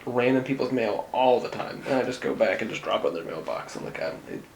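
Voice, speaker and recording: Gravelly young man in casual chat. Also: medium pitch, expressive, fast talker. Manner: rambling, laid-back storytelling. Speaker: podcast co-host. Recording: roomy echo, faint ambient hum.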